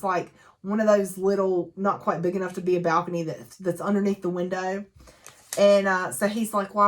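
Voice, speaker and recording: A woman's voice: medium pitch, fairly bright tone. A woman casually recapping a novel, chatty and gushing, slipping into the characters' lines as she goes. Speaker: book reviewer.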